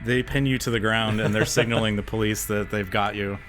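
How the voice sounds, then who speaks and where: A man's voice: lowish voice, steady tone, brisk, a bit bright, soft background music. A man narrating as game master of a tabletop role-playing game, laid-back and laughing often, with filler words.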